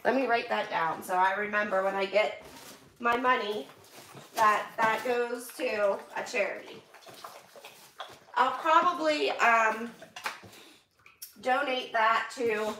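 Bubbly high-voiced woman, echoey room. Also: slow pace, long pauses, a little hiss or hum. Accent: Western Pennsylvania. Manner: gushing, excitable. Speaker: vlogger opening donations. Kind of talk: casual live stream chat.

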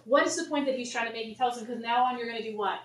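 In a roomy church hall, picked up by a faraway mic with slight hiss or hum, a woman speaks very fast in a high-leaning voice. She leads a relaxed Bible study for her congregation, chatty and acting out the story's figures in animated paraphrase.

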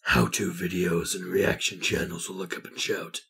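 A man putting on a hushed, clipped monologue as a parody of a grim masked vigilante, recorded muffled and off-mic. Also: low voice, level tone, normal speed, vocal fry, husky, pitched below the performer's own voice, exaggerated voice. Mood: brooding.

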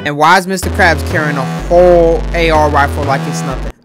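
A woman hosting a gameplay video, loud and excitable, laughing and cursing as she plays. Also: deep voice, fairly quick. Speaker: gaming video host. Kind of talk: gameplay commentary. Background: game music.

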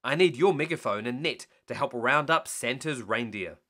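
A man voicing a calm, confident boy who leads a rescue team, giving orders. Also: medium pitch, normal speed. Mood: commanding.

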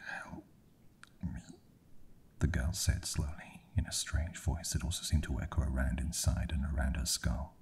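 A man whispering a bedtime horror story in a slow, hushed ASMR reading. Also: very deep voice, flat delivery, gravelly.

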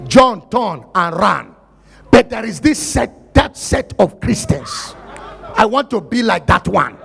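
A Nigerian-accented man preaching a sermon in a very high, gravelly, raspy voice. He swings into loud shouted passages as he acts out Bible scenes. The sound is husky and rough throughout. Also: very animated, takes it slowly, some chatter behind. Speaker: pastor.

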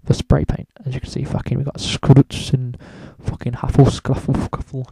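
A man's voice: mid-range voice, completely flat delivery, normal speed, vocal fry, warm tone, husky, no room sound. A man talking casually through a drawing tutorial, rambling and swearing in almost every sentence. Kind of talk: casual screen-recorded tutorial.

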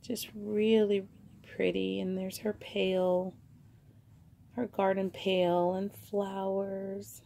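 Brief: female online seller, casual show-and-tell, husky, unhurried, rambling. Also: mid-range voice, level tone, mellow. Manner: rambling and chatty, many fillers.

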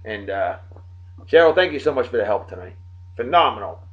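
A man hosting a daily beer and song show from home, rambling and joking as he gives birthday shout-outs to friends. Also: on the low side, animated, a little fast, highs cut off. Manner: rambling, jokey, talks straight to friends. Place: home in Texas.

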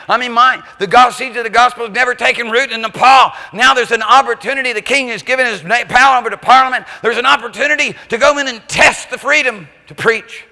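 Preaching pastor, bright and gravelly. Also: male voice, sits high, fairly even intonation, fast. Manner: preaching with sudden shouted climaxes. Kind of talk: sermon with storytelling. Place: church sanctuary. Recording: church hall reverb.

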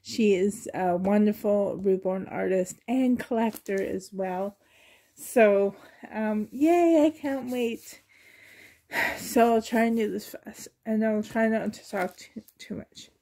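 A woman vlogger with a sore throat and cough chats through a doll unboxing, gushing with excitement and trying to spare her voice. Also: mid-range voice, slow. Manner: excited and gushing, often laughing; holds back her voice, sometimes drops to a whisper. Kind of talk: casual unboxing chat.

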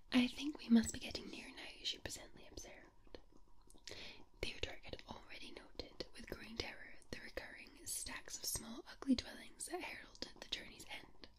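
A woman with a Scottish accent reading a story aloud in a slow, soft ASMR whisper. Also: fairly high pitch.

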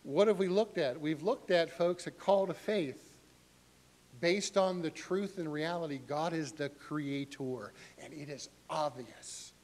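A middle-aged male pastor preaching a sermon in an animated way, acting out voices with sharp rises in pitch. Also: a little slow.

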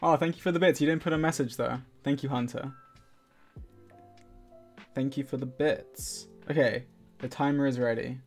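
Casual male streamer, rambling and giggly, middle-pitched voice, soft music underneath. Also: fairly even intonation, moderate pace, long pauses. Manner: chatty and scattered, laughs often, thanks viewers. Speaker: live streamer. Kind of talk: casual live-stream chat while gaming. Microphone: desk microphone. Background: faint game music.

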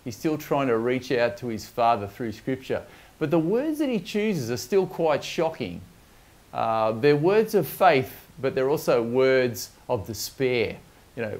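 A man's voice: medium pitch, sing-song, measured pace, darkish tone. A man preaching a sermon, speaking reflectively with frequent fillers and restarts.

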